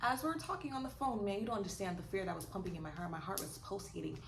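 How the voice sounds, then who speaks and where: Young woman vlogger, animated and sassy, chatty storytelling, roomy sound. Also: medium pitch, fast, vocal fry. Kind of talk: casual storytime vlog. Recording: roomy echo with faint noise.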